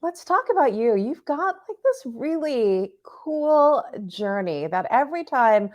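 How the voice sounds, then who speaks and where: A woman's voice: sits high, very animated, unhurried. A woman hosting a podcast interview, chatting casually and cheering her guest on with short interjections. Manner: warm encouraging interjections, "I love it". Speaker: podcast host.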